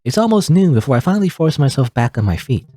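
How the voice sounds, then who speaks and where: A man's voice: fairly high pitch, big pitch swings, fast talker, warm tone, soft background music. A man reading a story game aloud dramatically, with joking asides and laughs at his own slips. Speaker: let's play host.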